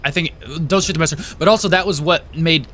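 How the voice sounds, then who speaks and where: A man's voice: fairly high pitch, fast, a bit bright, slight background noise. A man giving casual gameplay commentary in a rambling way, swearing and wandering into tangents with frequent restarts. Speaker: let's play gamer.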